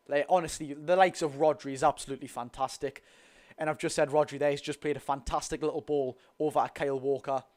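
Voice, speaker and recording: A young man with a Geordie accent doing a live watch-along of a football match, chatty and excitable, talking to his viewers. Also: on the high side. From North East England. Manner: excitable, chatty, talks to the chat and the lads. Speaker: football fan streamer.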